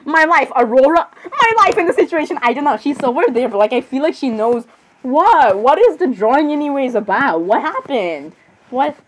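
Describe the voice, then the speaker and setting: Excitable woman, lively high voice. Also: moderate pace, low-quality recording. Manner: excitable, giggly, full of exclamations. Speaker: video creator reacting to drawings. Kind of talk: casual reaction commentary.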